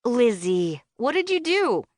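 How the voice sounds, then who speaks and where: In a studio-quality, dry audiobook recording, a woman voices a brash, foul-mouthed young woman who mockingly teases her friend with crude sarcasm. Her delivery is very animated yet slow, with a darkish tone pitched a little high, above her natural voice.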